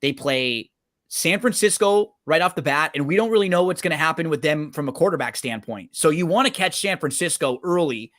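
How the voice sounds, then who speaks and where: Guy with a slightly high voice chatting about football bets, easygoing, keeps checking in with his co-host. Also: animated, fairly quick, fairly bright tone. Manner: conversational, checks in with tag questions. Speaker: sports betting show co-host. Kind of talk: casual sports betting analysis.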